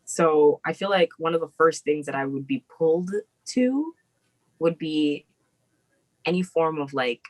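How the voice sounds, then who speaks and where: A woman's voice: sits low, unhurried, a little mellow, poor audio. A woman co-hosting a podcast, chatting casually and emphatically, often breaking into laughter. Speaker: podcast co-host. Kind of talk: casual chat.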